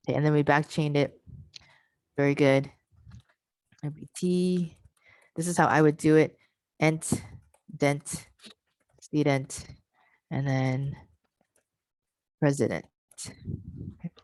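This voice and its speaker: A woman presenting an online teacher workshop on pronunciation, explaining patiently and sounding out word parts slowly over a video call. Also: sits low, gravelly, no room sound.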